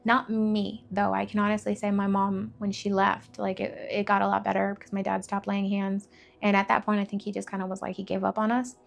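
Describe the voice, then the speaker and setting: Young woman, mid-range voice with fry, candid personal testimony, emotional and rambling. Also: medium pitch, completely flat delivery, brisk. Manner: candid, emotional storytelling with many fillers. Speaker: faith vlogger.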